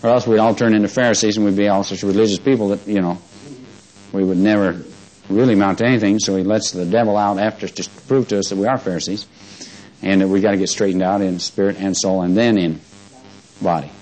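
A man's voice: on the low side, steady tone, a little mellow, low-quality recording. A man preaching a sermon in a conversational manner, chuckling often and drawing out words when he stresses a point. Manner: conversational preaching that swells to emphatic, drawn-out stresses.

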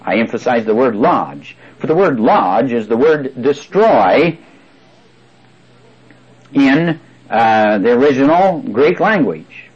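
A man's voice: medium pitch, sing-song, slow pace, breathy edge, dull audio. A man preaching a sermon, explaining and repeating words for emphasis, with frequent fillers.

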